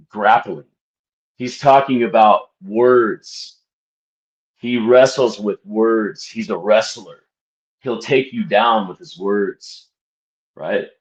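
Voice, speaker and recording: A man talking slowly and deliberately to his viewers, piling up rhetorical questions and tagging "right?" onto his points. He addresses them like a mock preacher, leaning hard on repetition. The sound is dull and muffled. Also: mid-range voice. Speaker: channel host discussing a book. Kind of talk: casual commentary to camera.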